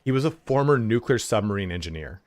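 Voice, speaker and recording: A man's voice: fairly low pitch, expressive, quick pace, dry recording. A young man streaming from home, chatting casually and telling rambling stories with lots of swearing and filler words. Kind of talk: casual livestream chat.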